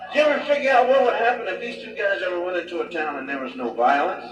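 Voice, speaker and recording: A man telling rambling, animated stand-up stories, recorded from a distance in a roomy space. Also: high voice, fast, highs cut off, over a noisy crowd. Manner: rambling, animated, leans on 'you know'. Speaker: stand-up comedian. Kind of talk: stand-up storytelling. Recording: echoey distant live recording with music.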